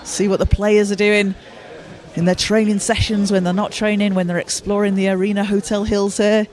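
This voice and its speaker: A male play-by-play commentator calls a basketball game live from courtside. His voice sits high for a man, and his delivery is steady and informative. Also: moderate pace. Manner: steady, informative, with occasional restarts.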